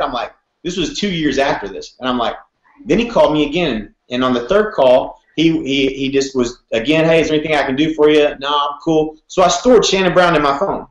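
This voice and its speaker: Fast-talking man telling a story. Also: fairly high pitch. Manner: fast, energetic, acts out phone calls in quoted dialogue. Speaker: guest real estate broker. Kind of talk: animated storytelling interview. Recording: roomy echo.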